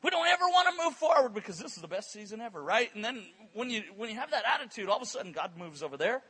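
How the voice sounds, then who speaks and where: A man preaching a sermon at a church conference service, telling stories in an animated way and repeating words in quick bursts. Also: high voice, slightly rough. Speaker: guest preacher. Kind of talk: sermon with storytelling.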